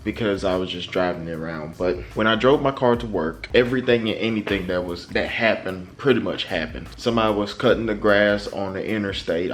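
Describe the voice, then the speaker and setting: A young man hosting a casual car-care vlog, chatting in a relaxed, informal way with slang. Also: on the low side, slight background noise. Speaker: car detailing vlogger. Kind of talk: casual product review vlog.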